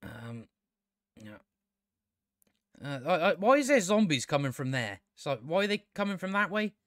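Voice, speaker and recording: A man's voice: fairly high pitch, very animated, normal speed, a bit bright, dry recording, studio quality. A man giving a casual, sarcastic and exasperated spoken review of a TV show, swearing often.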